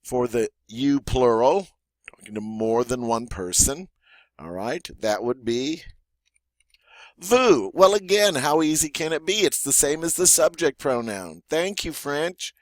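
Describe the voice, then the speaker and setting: A man with a Southern American accent teaching a grammar lesson in an encouraging way, stretching out the example words slowly. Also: medium pitch, animated, no echo. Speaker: French teacher. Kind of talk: classroom-style grammar lesson.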